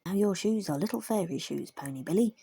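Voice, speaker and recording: A woman voicing a cheerful, chatty male terrier blacksmith in a storybook reading, brisk and merry. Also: lowish voice, animated, creaky, dark tone, slightly rough, no room sound, full character voice.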